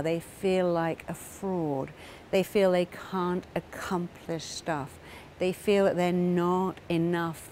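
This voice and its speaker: A woman's voice: lowish voice, a little mellow, slight background noise. A middle-aged woman therapist speaking earnestly to camera, acting out the voices of parents and clients as she tells their stories. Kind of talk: talking to camera about therapy.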